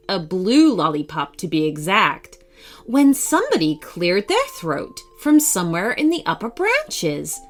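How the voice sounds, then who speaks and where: A woman reading a bedtime story for children in an expressive, sing-song way, with soft music behind. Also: mid-range voice.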